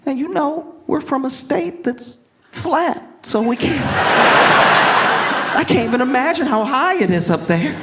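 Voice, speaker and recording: A man voicing a wide-eyed young woman tourist, gushing in a breathy falsetto. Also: expressive, a little slow, heavy background noise, exaggerated voice. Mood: giddy. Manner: squealing falsetto, breathy half-whispered gushing.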